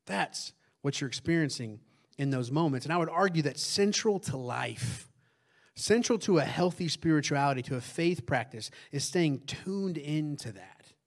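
A male pastor, preaching in a loud, conversational way that keeps asking the congregation questions and drops into hushed tones for emphasis. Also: a little high, expressive, normal speed. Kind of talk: conversational sermon.

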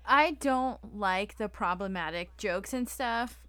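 A woman's voice: medium pitch, animated, slow, bright, forceful tone, smooth, no room sound. A young adult woman co-hosting a podcast in casual chat, enthusiastic and casual, swearing now and then. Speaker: podcast co-host.

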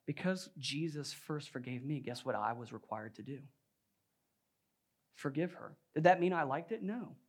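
A man's voice: fairly high pitch, lively intonation, normal speed. A young adult male pastor preaching a sermon in a conversational, storytelling way, often saying "like" and "right?".

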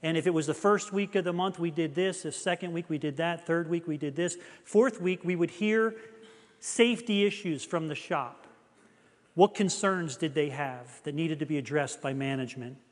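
A man's voice: a little high, normal speed, in a large hall. A middle-aged man preaching a sermon, telling a personal story in an earnest, confessional way.

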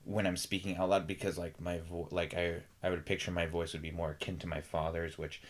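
A man co-hosting a podcast in relaxed, agreeable casual chat, quick to chime in. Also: deep voice. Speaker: podcast co-host.

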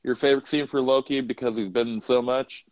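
A man's voice: mid-range voice, fairly even intonation, fairly quick, no room sound, rough recording. A man co-hosting a podcast, chatting casually, blunt and joking, swearing freely. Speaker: podcast co-host. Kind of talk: casual chat.

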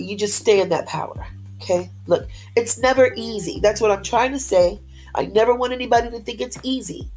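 A woman's voice: medium pitch, a little mellow, low-quality recording. A woman giving an upbeat, faith-based motivational talk straight to her listeners. She talks with a lot of pep and repeats her phrases for emphasis. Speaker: motivational speaker.

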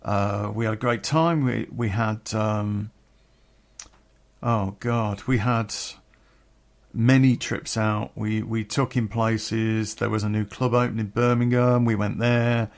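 A middle-aged Englishman recounts an old memory in a candid, rambling way, with plenty of swearing. His voice is gravelly, and he takes his time, leaving long gaps between words. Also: lowish voice, fairly even intonation, takes it slowly. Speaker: podcast storyteller. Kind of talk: personal storytelling.

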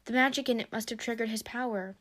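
A woman reading aloud, voicing an eager young female dragon who talks in an excited, pleading way. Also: on the high side, fast talker. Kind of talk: storybook reading.

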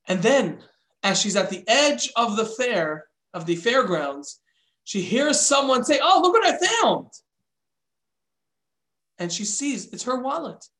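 A man telling a religious story in an animated way, switching voices for the characters. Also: high voice, unhurried. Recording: echoey room.

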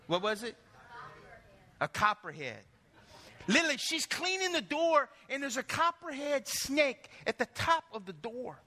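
A man preaching a sermon as pastor, telling lively stories and putting questions to the congregation. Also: high-pitched, long reverb tail. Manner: animated storytelling, asks the congregation questions.

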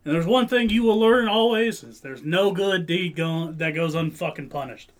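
A man in his twenties telling a rowdy, profane story in casual chat, acting out loud quotes. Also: a little high, normal speed. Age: 20s. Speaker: podcast co-host.

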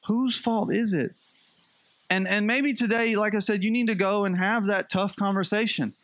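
Brief: a high-pitched male preacher, chatty and humorous, dry recording. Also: a little fast, dry recording. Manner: conversational, animated storytelling with light humor. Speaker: pastor. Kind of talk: sermon.

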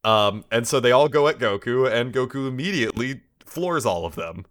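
A man's voice: medium pitch, moderate pace. A man casually recapping an episode with friends, rambling with lots of fillers. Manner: rambling, relaxed storytelling with many fillers. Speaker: podcast co-host recapping an episode. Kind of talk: casual chat.

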